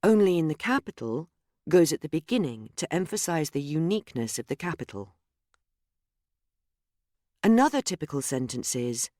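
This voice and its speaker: A narrator reading a scripted grammar lesson in a measured, explanatory way, speaking example sentences aloud. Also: mid-range voice, very animated, warm tone, no room sound, clean studio sound. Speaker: course narrator.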